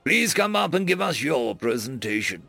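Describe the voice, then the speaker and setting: A man's voice: medium pitch, sing-song, moderate pace, creaky, sharp tone, dry recording, faint music behind, heavily acted. A man voicing a stern alien instructor who speaks in a formal, commanding way. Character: stern alien instructor, male, easily outraged.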